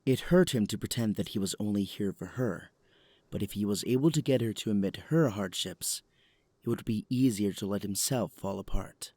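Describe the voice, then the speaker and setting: A man narrating a story in calm, even scripted narration for an audio drama. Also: fairly low pitch, moderate pace, dry recording.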